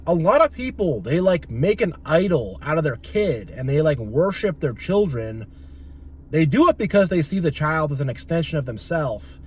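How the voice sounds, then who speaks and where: A man's voice: fairly high pitch, a little hiss or hum. A young man talking in a casual, opinionated and rambling monologue as a channel host. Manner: opinionated, rambling, acts out quoted voices.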